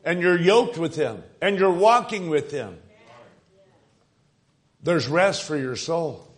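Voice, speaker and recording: High-voiced, slow-preaching man. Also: lively intonation. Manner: emphatic, addresses congregation as friends, repeats words. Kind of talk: sermon.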